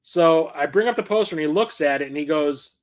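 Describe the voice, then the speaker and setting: This middle-aged collector hosts his own channel, speaking at a brisk clip with a fairly high pitch and lively intonation. In a casual show-and-tell vlog about his collection, he rambles through anecdotes packed with fillers and self-corrections.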